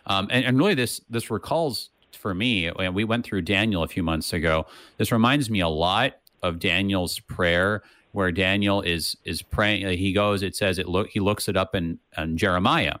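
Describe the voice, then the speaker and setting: A man's voice: sits low, normal speed, hardly any pauses, a bit bright, no room sound. A man co-hosting a casual Bible discussion, thinking aloud with frequent restarts and checking in with "right?". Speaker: co-host of a Bible study podcast.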